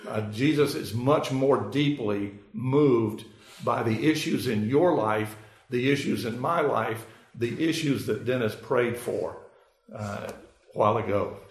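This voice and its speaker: Gravelly-voiced preacher in an echoey church. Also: male voice, medium pitch. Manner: explanatory, unhurried, with frequent fillers. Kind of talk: sermon. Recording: echoey room.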